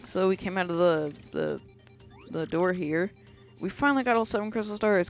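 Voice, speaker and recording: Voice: mid-range voice, normal speed, vocal fry, faint music behind. A let's play host chatting over gameplay in a casual, joking way, with a mid-range voice. The talk rambles a little as they react to the game. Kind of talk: video game commentary.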